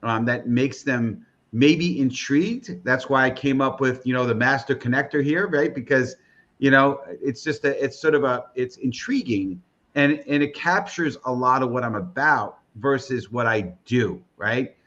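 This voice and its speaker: Man, live-stream host, rambling, restarts, fillers, hypes his audience, mid-pitched voice, a bit muffled. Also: a little slow, fairly bright tone. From American Northeast. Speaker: host of a live interview broadcast. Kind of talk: casual live-stream chat.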